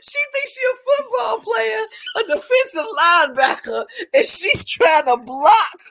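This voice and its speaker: Animated woman podcast co-host. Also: extremely high pitch, unhurried, creaky, low-quality recording. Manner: animated storytelling with loud reenactments. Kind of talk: casual recap chat.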